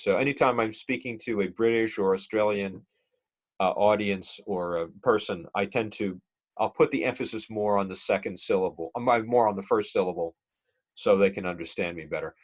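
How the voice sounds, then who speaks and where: A middle-aged man lectures a speech class in an easy, conversational way, pausing on fillers and quizzing his students. His voice sits low, and the classroom recording is muffled and lo-fi. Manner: conversational, many fillers, asks the class questions. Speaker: college speech instructor.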